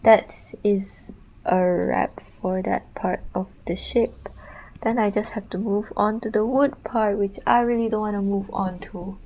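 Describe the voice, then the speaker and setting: Young female art streamer, casual rambling chat, low mellow voice with some fry. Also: steady tone, measured pace, poor audio. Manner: chatty, rambling, slangy. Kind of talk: casual chat while drawing.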